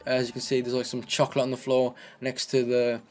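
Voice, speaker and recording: A young man talks through his gameplay in a loose, rambling way, doubling back on his words as he goes. His voice sits at an ordinary middle pitch. Gunfire and game noise run clearly behind him. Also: completely flat delivery, a little fast, a little mellow. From Britain. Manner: chatty, rambling, repeats words and restarts. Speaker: gaming commentator. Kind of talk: casual gameplay commentary.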